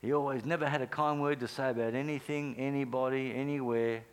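Middle-aged male pastor, sermon delivery, earnest storyteller, mid-pitched voice. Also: fairly quick, clear, resonant tone. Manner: earnest storytelling, animated bursts, drops to near whisper for prayers.

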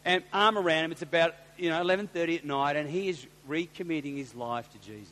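An Australian man and pastor tells a story in a sermon, animated and getting loud when excited. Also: a little high, fast. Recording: long hall reverb with faint hum.

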